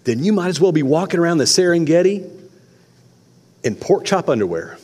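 A man preaching a sermon as pastor, folksy and animated, acting out the shouts in the story. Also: fairly high pitch, fairly quick, breathy edge. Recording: long reverb of a large hall.

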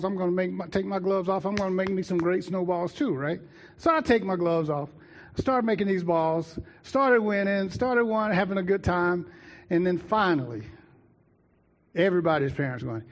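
A man preaching, telling a childhood story with lively asides to the congregation. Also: high-pitched, normal speed. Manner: lively, talks to the congregation directly. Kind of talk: sermon storytelling.

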